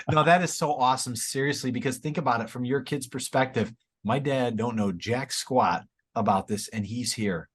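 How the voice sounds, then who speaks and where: A man's voice: mid-range voice, normal speed, breathy edge. A man in his forties, a teacher and author, speaking as an enthusiastic, encouraging podcast guest. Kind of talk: casual interview chat.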